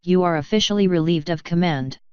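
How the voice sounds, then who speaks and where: Stern stallion captain, clipped and authoritative, read by a woman; lowish, dry, slightly muffled recording. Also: brisk, clean tone, no echo, close to an everyday voice. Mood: commanding.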